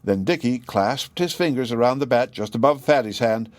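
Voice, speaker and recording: A man narrating a children's storybook in a gentle, expressive way. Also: medium pitch, normal speed, no room sound. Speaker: audiobook reader.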